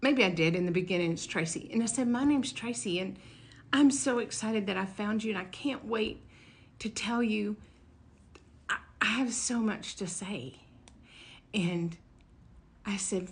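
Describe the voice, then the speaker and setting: A woman telling a personal story in a casual, animated way, leaping up in pitch when excited and dropping to a hush for tense moments. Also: unhurried, pauses often. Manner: animated, jumps high and loud when quoting her own excitement; drops to a hush or whisper for dramatic moments.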